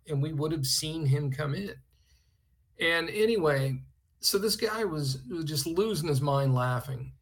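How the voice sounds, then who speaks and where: A man, a guest artist on a podcast, telling a personal story in a rambling, animated way with many fillers. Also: fairly high pitch.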